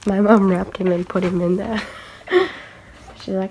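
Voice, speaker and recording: A woman's voice: medium pitch, fairly even intonation, a little slow, darkish tone. A woman vlogger giving casual running commentary at home, chatting to her baby dolls and laughing often. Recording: noisy home video recording.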